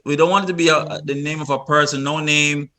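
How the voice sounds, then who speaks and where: Bright-voiced man presenting a virtual workshop. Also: on the high side, fairly even intonation, brisk. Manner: instructive, repeats himself with many restarts. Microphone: video call.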